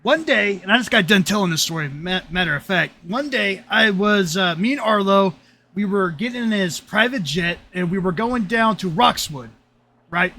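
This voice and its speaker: A man hosting a casual roleplay podcast chat, telling stories with animated energy and bursts of shouting. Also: sits high, moderate pace, a little hiss or hum. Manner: animated storyteller, shouts when excited. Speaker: podcast host.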